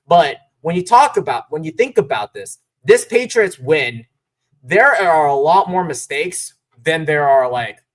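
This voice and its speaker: A man's voice: on the high side, very animated. A man hosting a casual sports talk stream, rambling through results and asking his co-hosts for their takes. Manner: rambling, restarts, lists results quickly. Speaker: podcast host.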